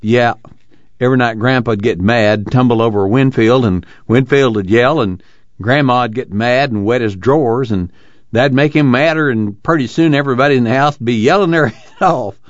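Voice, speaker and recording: A man's voice: mid-range voice, normal speed, no echo, dull audio, lightly acted. A man voicing an older rural farmer father who rambles on in folksy dialect, the words tumbling out between chuckles. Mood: amused.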